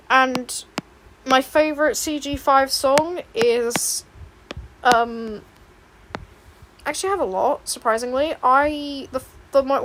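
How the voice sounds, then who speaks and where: Young woman streamer, high voice, rambling casual chat, faint room hum behind. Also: fairly bright tone. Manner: rambling, chatty, laughing asides. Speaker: streamer and artist. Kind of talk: casual chat while drawing. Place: home room, indoors.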